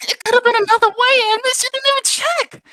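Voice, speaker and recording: A woman's voice: very high voice, steady tone, pushed and bright, no room sound, pitched above the performer's own voice, low-quality recording. A woman voicing a frantic young woman adventurer who is out of breath and distraught on a call. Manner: distraught, rapid, breaking into sobs.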